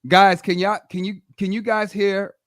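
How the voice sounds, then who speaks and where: Dry-sounding co-host with quick interjections. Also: medium pitch, flat delivery, no room sound. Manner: quick interjections, apologetic, fussing over tech. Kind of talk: casual livestream interview.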